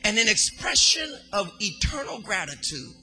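A man preaching a sermon in a sing-song cadence, swinging between hushed, quiet passages and fervent shouting. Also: high-pitched, very animated, moderate pace, faint music behind.

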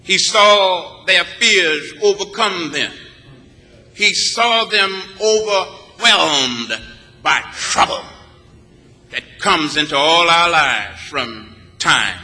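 A preacher from Texas builds his sermon with rhythmic, emphatic repetition. His voice is high and very bright, and the long reverb of a large church follows his words. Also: lively intonation, very slow. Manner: rhythmic, emphatic, with repeated phrases. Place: church sanctuary. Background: congregation answering back.

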